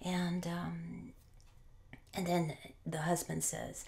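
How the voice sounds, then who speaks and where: A woman preacher telling a folk tale in a sermon, unhurried and often pausing with fillers. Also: fairly low pitch, a little mellow. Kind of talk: sermon storytelling.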